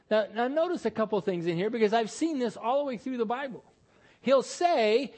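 High-voiced pastor preaching conversationally. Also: male voice, expressive, normal speed, a little mellow. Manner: conversational, self-deprecating storytelling with sudden rises in pitch for emphasis. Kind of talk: sermon.

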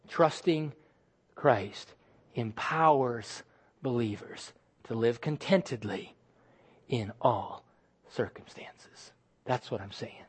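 A male pastor delivering a sermon at a middle pitch. He preaches with emphasis, then drops to soft, hushed lines to press a point home. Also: breathy edge.

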